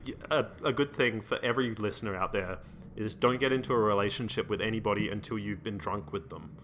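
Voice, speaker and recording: Co-hosting a podcast, a man gives listeners advice in a playful, joking, casual chat. He talks fast in a lowish, slightly bright voice, with a little hiss or hum in the recording.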